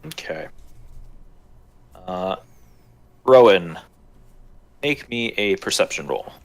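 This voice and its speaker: A man's voice: low-pitched, expressive, slow. A man acting as game master, narrating casually with a lot of fillers and hesitations.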